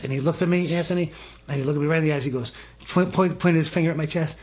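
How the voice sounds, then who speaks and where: Speaking very fast in a husky, slightly high voice, a male guest energetically recounts something that happened to him. His animated telling is full of stumbling restarts and performed dialogue.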